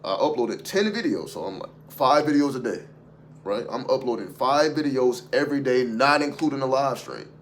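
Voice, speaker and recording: A man's voice: medium pitch, animated, moderate pace, slight background noise. A man talking off the cuff on a livestream as a spiritual content creator, emphatic and profane, throwing rhetorical questions at his viewers. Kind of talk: unscripted livestream monologue.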